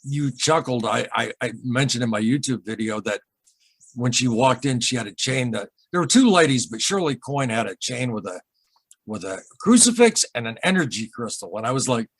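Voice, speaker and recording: A man recounting his own UFO encounter as an interview guest, in a halting, rambling way full of asides and restarts. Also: mid-range voice, expressive, fairly bright tone, breathy edge, dry recording. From Michigan, USA. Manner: rambling, halting, with many repeated starts and asides. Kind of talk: emotional storytelling in a casual interview.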